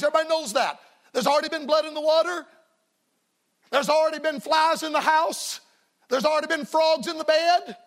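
A man's voice: very high-pitched, fairly bright tone. A man preaching a revival sermon to a church congregation, folksy and emphatic, telling stories and hammering repeated refrains. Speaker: evangelist preacher.

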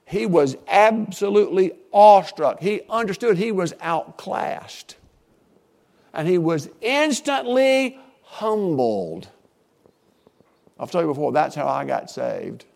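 Older male pastor, sermon, rough gravelly tone, slow stressed words, loud and soft swings. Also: big pitch swings. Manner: emphatic, swings between hushed and booming, drawn-out stressed words.

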